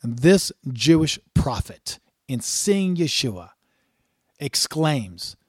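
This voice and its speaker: A man's voice: fairly high pitch, big pitch swings, slow, dry recording. Emphatic male Bible teacher, dry sound. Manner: emphatic, reads scripture aloud and repeats key words; frequent "uh" fillers and restarts. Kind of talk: sermon-style scripture teaching.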